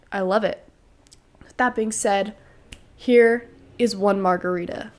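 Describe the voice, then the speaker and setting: Young woman host, slightly under the weather, eager fan chatter, mid pitch. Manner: chatty, enthusiastic fan talk with fillers. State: slightly sick. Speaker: podcast host. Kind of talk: casual solo podcast chat.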